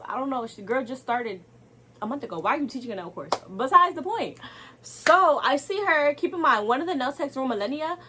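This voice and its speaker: A young woman whose voice sits on the high side tells a casual, animated storytime to camera, clearly exasperated and throwing rhetorical asides to viewers. A slight hiss or hum is audible.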